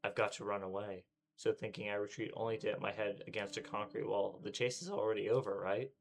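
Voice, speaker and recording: Man, streamer, visual novel reading, deep, flat delivery, dramatic. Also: fast, creaky. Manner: dramatic, acts out panting and breathlessness.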